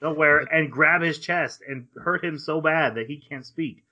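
A man's voice: on the high side, unhurried, pushed and bright. A man co-hosting a podcast, casually recapping an anime and acting out the characters' lines. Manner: rambling retelling with acted-out quotes and laughs. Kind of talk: casual chat. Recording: dull lo-fi sound.

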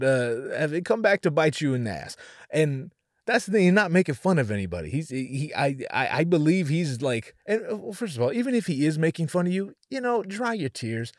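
A man's voice: on the high side, no room sound, studio quality. A young man hosting a podcast, ranting with jokes and swearing in a casual monologue, with lots of restarts. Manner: profane, ranting, jokey, many restarts. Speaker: podcast host.

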